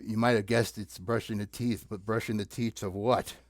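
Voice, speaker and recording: A puppet show host telling silly stories and singing rhymes in an animated, teasing way, recorded in a basement. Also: mid-range voice, normal speed, no echo. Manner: animated, sing-song, teasing with the audience. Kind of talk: playful puppet storytelling.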